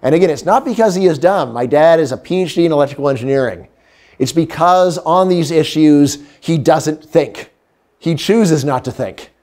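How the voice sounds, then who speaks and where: A middle-aged man giving a lively, humorous economics lecture. He acts out quotes and sometimes drops to a hush. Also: on the high side, normal speed. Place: lecture hall.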